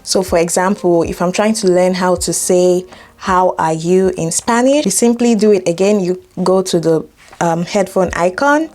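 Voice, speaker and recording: A woman's voice: fairly low pitch, normal speed, darkish tone. A young woman hosting a casual tutorial, playful and jokey, talking straight to viewers. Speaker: tutorial host.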